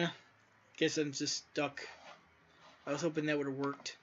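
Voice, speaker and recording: High-voiced man rambling over gameplay. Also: little pitch movement, normal speed, pauses often, a bit bright, slight background noise. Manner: rambling, loose, with crude asides. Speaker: indie game developer. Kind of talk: casual gameplay commentary. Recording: dull lo-fi audio with faint music.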